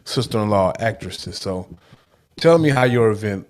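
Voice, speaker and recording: A man's voice: on the low side, expressive, normal speed. A man co-hosting a casual chat, laid-back and teasing.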